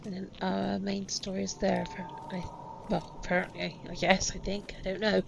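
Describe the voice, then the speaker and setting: A woman's voice: mid-range voice, flat delivery, moderate pace, gravelly, background noise. A woman hosting a gaming video, giving casual, chatty commentary with amused asides.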